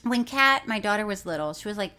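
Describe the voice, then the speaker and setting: Lively, laughing woman co-host. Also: medium pitch, quick pace. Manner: laughs often, animated storyteller. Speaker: podcast co-host. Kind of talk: casual podcast chat.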